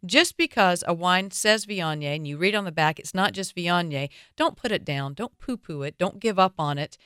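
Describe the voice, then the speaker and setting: Southern lady hosting a wine show on radio, lowish voice, super clean, chatty with little jokes. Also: lively intonation, moderate pace, a bit bright, clean tone, no room sound, studio quality. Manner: chatty, opinionated, playful asides.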